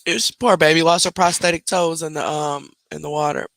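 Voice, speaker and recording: A host reacting to videos in a casual, chatty way, using slang aimed at viewers. The voice is bright and forceful, recorded dry and close with no room sound. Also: medium pitch, steady tone, brisk, creaky, no room sound. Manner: casual slang, laughs openly, talks to viewers. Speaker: reaction commentator. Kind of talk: casual commentary on played videos.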